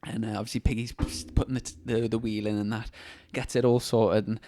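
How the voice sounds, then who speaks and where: A man hosting a podcast, telling racing stories in a relaxed, chatty way. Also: on the low side, brisk, slight background noise. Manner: storytelling with restarts and laughs. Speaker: motorbike racer, podcast host. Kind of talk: casual chat.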